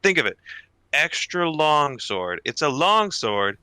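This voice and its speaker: A man's voice: a little high, slow pace, clean tone, no room sound, exaggerated voice. A man playing a blunt dwarf woman smith. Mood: boastful. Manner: blunt, animated.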